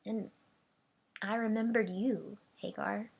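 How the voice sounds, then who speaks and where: A woman preacher giving a dramatic first-person monologue as a grieving, remorseful ancient mother, her delivery swinging between hushed whispers and cries. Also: mid-range voice, steady tone, slow, creaky, slightly rough, exaggerated voice.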